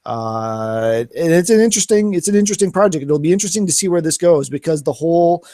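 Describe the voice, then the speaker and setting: A man's voice: a little high, expressive, fast, mellow, no room sound. A man co-hosting a gaming podcast, chatting casually with lots of fillers and restarts. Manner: rambling, many fillers and restarts. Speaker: podcast co-host.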